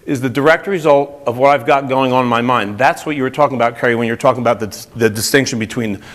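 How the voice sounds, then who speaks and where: A man's voice: mid-range voice, fast talker. A man with a New Jersey accent giving a motivational talk to a group, often asking the audience questions. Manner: energetic, asks the audience questions. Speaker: speaker.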